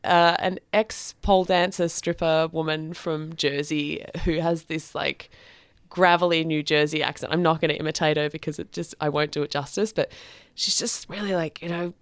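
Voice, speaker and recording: A young woman tells her own story as a podcast guest, frank and reflective, often pausing on fillers. Her voice sits on the low side. The recording is dry, close and without echo. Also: fairly even intonation, clean tone. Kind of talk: candid personal storytelling.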